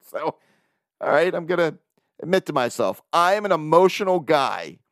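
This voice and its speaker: A man hosting a podcast in a casual monologue, animated and self-mocking, chuckling often. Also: on the high side, normal speed, no echo, studio quality. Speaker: podcast host.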